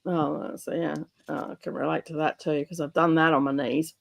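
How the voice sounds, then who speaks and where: Woman host, casual stream chat, husky morning voice, giggly. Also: deep voice, flat delivery, normal speed. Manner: chatty, laughs often, many fillers. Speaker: host of a reading livestream.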